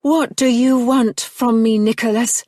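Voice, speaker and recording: A guarded young woman with a secret, as a woman narrator puts her on, her voice pitched high and tight with defiance. She speaks slowly in a dry, close audiobook recording. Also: expressive, darkish tone, no echo, exaggerated voice. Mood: defiant.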